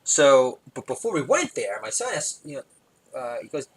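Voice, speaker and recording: A New man talks through a loose stand-up monologue at a middling pitch he never loses. He wanders off on tangents, loses his thread, and chuckles at his own punchlines. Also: sing-song, normal speed, husky, low-quality recording. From New York. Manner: rambling, digressive, laughs at own jokes. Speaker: comedy podcast host.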